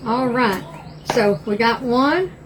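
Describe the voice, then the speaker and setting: An older East Texas woman hosts a live cooking stream from her home kitchen, chatting in a folksy Southern drawl and saying y'all a lot. Her voice sits a little high and she talks slowly, with steady noise running behind her.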